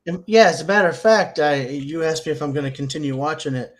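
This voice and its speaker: Goofy joking man, slightly high voice. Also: quick pace. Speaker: podcast co-host. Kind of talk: casual chat.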